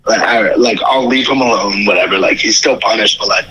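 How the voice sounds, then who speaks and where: A man's voice: fairly low pitch, a little fast, pushed and bright, slight background noise, rough recording. A young man telling his side of a family story in a chatty, casual way, acting out the quoted voices.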